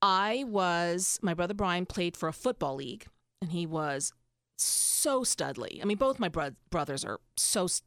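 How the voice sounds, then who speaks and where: A woman's voice: on the low side, lively intonation, unhurried, fairly bright tone, dry recording, studio quality. A woman in her fifties telling candid personal stories in casual chat, emotional and rambling, with lots of fillers and restarts. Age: 50s. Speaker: podcast guest.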